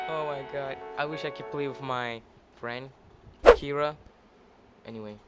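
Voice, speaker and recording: A male gaming video host giving casual let's-play commentary, jumpy and excitable, yelping when scared. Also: mid-range voice, measured pace, pauses often. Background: game music.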